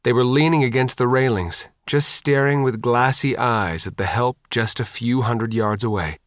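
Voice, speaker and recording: A man narrating an audiobook in an expressive, animated reading. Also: medium pitch, normal speed, no echo, clean studio sound.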